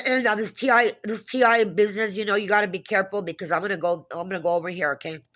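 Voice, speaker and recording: A woman's voice: mid-range voice, steady tone, quick pace, fairly bright tone. A woman talking to camera in an agitated, profane monologue, retelling a phone call with many restarts. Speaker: vlogger. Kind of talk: casual monologue.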